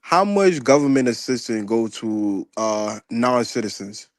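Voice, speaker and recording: A man with a mid-pitched voice recorded close and dry, with no room sound. He keeps interrupting a heated panel debate, pleading with another speaker to stop. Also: animated, unhurried, no room sound. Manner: pleading, repeats a name to interrupt.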